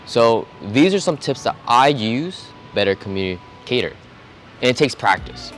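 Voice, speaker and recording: A young man talking straight to camera in a casual advice vlog, relaxed and conversational, acting out short example dialogues. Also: medium pitch, normal speed, soft background music. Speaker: vlogger giving self-improvement tips.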